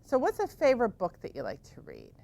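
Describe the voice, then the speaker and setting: A woman teaching yoga to children in a gentle, encouraging way, asking them lots of questions. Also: on the high side, wildly swooping pitch, fast, creaky.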